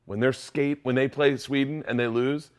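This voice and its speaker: A man co-hosting a podcast, telling stories loudly and swearing, getting emotional about sports. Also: medium pitch, fairly even intonation, moderate pace. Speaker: podcast co-host. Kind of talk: casual chat.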